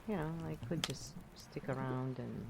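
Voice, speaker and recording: Tired streamer rambling on a live stream, gravelly voice, lots of background noise. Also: medium pitch, moderate pace. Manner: rambling, with many fillers. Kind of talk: casual live stream talk.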